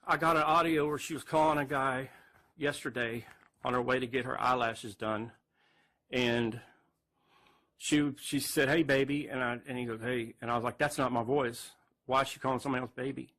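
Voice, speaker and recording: A distraught man, speaking haltingly to camera near tears and repeating himself. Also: mid-range voice, steady tone, a bit bright. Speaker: man recording a farewell video. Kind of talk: emotional direct-to-camera confession.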